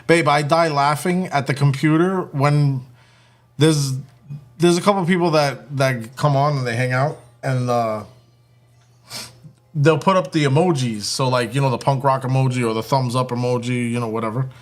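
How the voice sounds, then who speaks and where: A man's voice: medium pitch, moderate pace, soft background music. A man hosting a casual live stream and joking with his chat while building a kit, often breaking into laughter.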